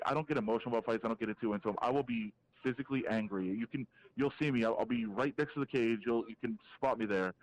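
A man's voice: medium pitch, rough recording. Opinionated man breaking down fights. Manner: animated, opinionated breakdown with frequent restarts. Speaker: MMA reporter, guest. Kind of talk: casual podcast interview, calling in.

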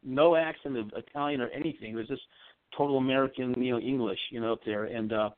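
A man's voice: medium pitch, fairly even intonation, quick pace, no echo. Rambling man on a tinny phone line. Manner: rambling, earnest storyteller. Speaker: psychic medium guest. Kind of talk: casual storytelling on a call-in show.

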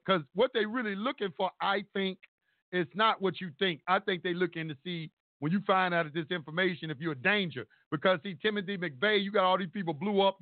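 A man with a fairly high voice tells his story in a casual, animated way, swearing freely as he acts out the people in it. The sound is thin and phone-like. It is also quite dry, with no room echo. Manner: animated, profane, acts out courtroom exchanges. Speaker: storyteller recounting court experience.

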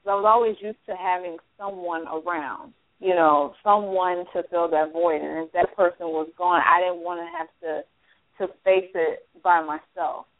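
A woman's voice: on the low side, steady tone, moderate pace, no room sound. Candid female radio co-host. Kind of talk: personal sharing on talk radio. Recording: dry, tinny phone-like radio audio.

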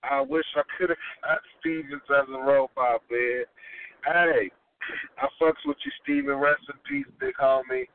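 A man's voice: mid-range voice, fairly even intonation, unhurried, a little hiss or hum. Profane rambling man on a tinny line. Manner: profane, rambling, laid-back. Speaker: podcast host. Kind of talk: casual chat.

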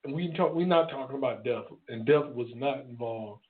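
A man's voice: mid-range voice, moderate pace. A man in casual chat, teasing and joking with his friend. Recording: tinny phone-like audio.

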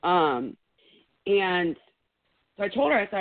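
A woman guest telling a first-hand story in a lively way, acting out her own words loudly. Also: mid-range voice, takes it slowly. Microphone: phone call. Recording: tinny phone line.

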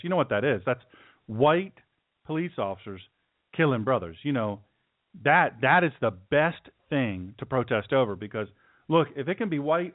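A man hosts a talk radio show in an opinionated, mocking monologue. His pitch swings widely as he talks. The sound is dry and narrow, like a phone line. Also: no echo. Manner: sarcastic, mocking, puts on caricature voices.

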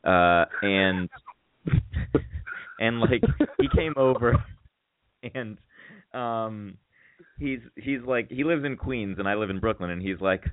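A man's voice: fairly low pitch, a little slow, long pauses, no echo. A man co-hosting a radio show, telling candid stories in casual chat and swearing freely, feeling feverish. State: feverish, getting chills. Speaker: radio co-host. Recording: dry tinny phone-like sound.

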